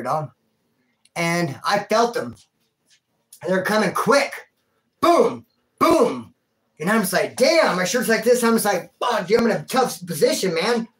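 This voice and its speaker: A man's voice: high voice, a bit bright. A man telling a rambling personal story in a casual, slangy way, calling the listener dude and bro. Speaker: vlogger telling a prison and life story.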